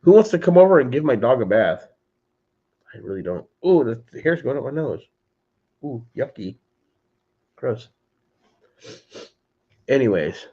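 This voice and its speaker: A very animated man with a mid-range, breathy-edged voice talks a bit slowly, leaving long pauses. He hosts a casual livestream from home, loosely chatting and naming viewers, with frequent "dude"s. The audio is dull, lo-fi stream quality.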